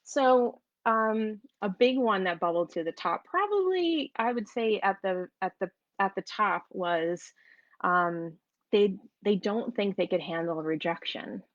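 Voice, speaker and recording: A woman's voice: medium pitch, animated, measured pace, no echo, muffled recording. Chatty woman with a New York–New Jersey accent. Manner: chatty, storytelling, many restarts. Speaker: online business coach. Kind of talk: live-streamed casual talk.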